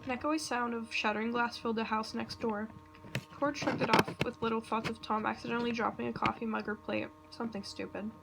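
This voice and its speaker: A woman reads a fan story aloud with nervous, halting delivery. Her voice sits slightly high with a gravelly fry. The home recording is noisy, with computer clicks in the background. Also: steady tone. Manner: nervous, self-interrupting reading with asides. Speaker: reader. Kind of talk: reading fan fiction aloud.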